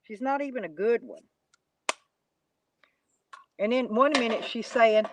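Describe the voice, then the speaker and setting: A woman's voice: fairly high pitch, a little slow, pauses often, noisy background. A woman, chatting casually to live viewers in a rambling, folksy, mocking way. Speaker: YouTube live streamer.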